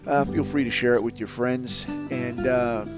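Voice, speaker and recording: A man's voice: mid-range voice, steady tone, measured pace, music in the background. A man hosting a podcast, ranting bluntly and sarcastically with constant swearing. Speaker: podcast host. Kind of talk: profane ranting commentary.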